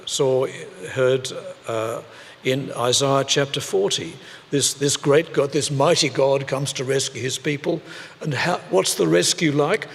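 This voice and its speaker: A man delivering a sermon at an unhurried, measured pace, leaning on pauses and repeated phrases. His voice sits at an ordinary pitch and rings with a long church reverb. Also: vocal fry. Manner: slow, deliberate delivery with pauses and repetition. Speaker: preacher.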